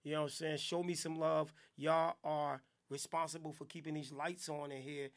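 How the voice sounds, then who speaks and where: High, gravelly-voiced man ranting. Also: normal speed. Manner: animated, loud bursts of hype and chanting. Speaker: podcast host. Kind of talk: comic live-stream rant.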